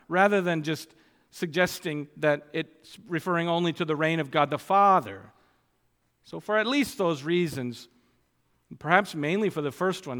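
Slow, emphatic preacher in an echoing hall. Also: male voice, fairly high pitch, fairly bright tone. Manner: emphatic, slows down to stress key phrases. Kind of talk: expository sermon.

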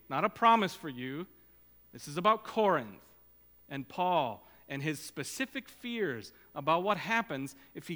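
A man's voice: fairly high pitch, sharp tone. A man preaching a sermon as pastor, urging his listeners on with earnest, repeated exhortations. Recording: long hall reverb.

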